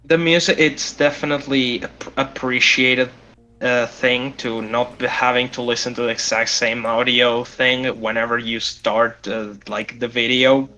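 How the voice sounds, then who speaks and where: A man hosting a casual video game chat, blunt and quick to swear. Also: medium pitch, little pitch movement, bright, forceful tone, faint music behind. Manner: blunt and profane.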